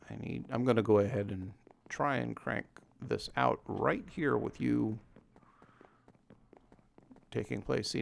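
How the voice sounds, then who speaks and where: A man's voice: medium pitch, vocal fry. A man with a scratchy voice giving casual, rambling gameplay commentary as a let's play host, chuckling at himself. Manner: rambling, self-deprecating, chuckles often.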